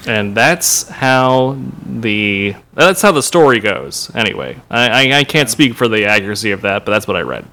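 A man's voice: lowish voice, normal speed, few pauses. A man in his thirties, a podcast co-host, talking casually and playfully and laughing often. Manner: animated, laughs often, playful put-on voices. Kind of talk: casual chat.

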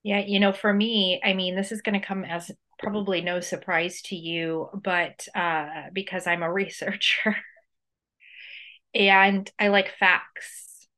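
A woman's voice: mid-range voice, steady tone, a little slow, pushed and bright. A woman who is a researcher, co-hosting a podcast in casual chat, reflective and reasoning aloud. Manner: reflective, reasons aloud with quoted self-talk.

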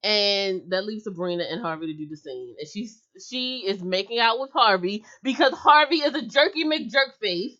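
A woman in a casual chat, talking in an animated, emphatic way. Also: mid-range voice, normal speed, hardly any pauses. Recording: dull lo-fi audio.

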